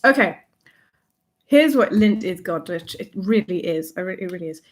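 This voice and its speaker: A young woman chats her way through a casual livestream from a desk mic, playful and quick to laugh. She reads out viewer comments and now and then slips into a soft whisper. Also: on the low side, lively intonation. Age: young adult. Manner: drops to a soft whisper at times. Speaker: livestream host.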